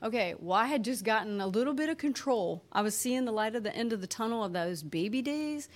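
A woman telling an emotional personal testimony, animated and expressive, acting out what people said. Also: fairly high pitch, brisk. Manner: animated, expressive, acts out quotes. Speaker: speaker sharing a personal testimony.

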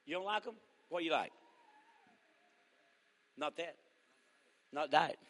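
A man preaching a revival sermon, teasing the congregation and rising to shouted fervor. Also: on the high side, slow pace. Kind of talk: joking, call-and-response revival sermon. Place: church revival service. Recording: long echoing church hall reverb.

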